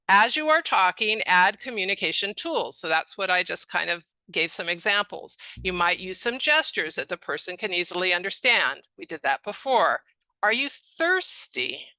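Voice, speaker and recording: Middle-aged woman teaching a caregiver webinar, bright clear voice, chatty, lots of um and you know, dry close mic. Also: mid-range voice, no room sound, poor audio. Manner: conversational, explanatory, frequent "um" and "you know", acts out example phrases. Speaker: speech-language pathologist presenting a webinar. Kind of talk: webinar lecture.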